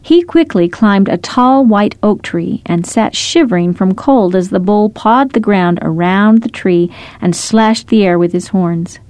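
A woman narrating short scripted stories in a gentle, measured storytelling manner. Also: mid-range voice, no room sound.

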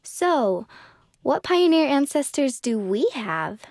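Woman doing an eager little girl from a kids story, kinda high, dry close sound. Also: very animated, takes it slowly, darkish tone, no echo, full character voice. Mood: earnest. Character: girls in a children's story, cheerful and curious. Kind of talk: children's magazine story reading.

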